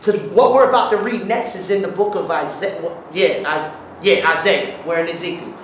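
A man preaching an informal sermon, telling stories in slangy talk, breaking into song and shouts as he retells them. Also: high-pitched, a little fast, a little hiss or hum. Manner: animated, bursts into song and shouts while retelling. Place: church hall. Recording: very echoey hall, mic at a distance.

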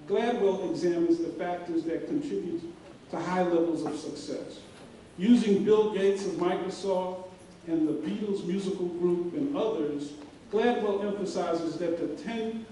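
Middle-aged male commencement speaker, dark voice, earnest and pausing, heard from afar in a very echoey hall. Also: high voice. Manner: earnest storytelling, with many pauses and fillers. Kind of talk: graduation speech. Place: large hall. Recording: very echoey hall, voice from far off, faint hiss.

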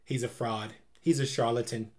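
A man's voice: medium pitch, fairly even intonation, moderate pace, noisy background. A man hosting a movie reaction, making playful quips and wordplay between chuckles. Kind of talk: casual movie reaction commentary.

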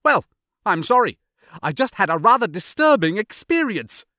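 Smug prim crewmate, voiced by a man, gloating, lively raised voice, dry sound. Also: high-pitched, moderate pace, no echo, voice pushed up, full character voice. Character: smug, prissy male crewmate who gloats.

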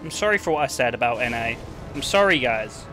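A man's voice: mid-range voice, lively intonation, brisk, over music. A young man with an English accent, streaming a game and chatting casually with crude jokes and lots of swearing. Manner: crude, joking, swears a lot. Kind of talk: casual gameplay commentary.

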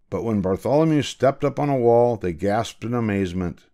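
An older man, a grandfather, reading a picture book aloud in a gentle, measured way. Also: medium pitch, expressive. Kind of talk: storybook read-aloud.

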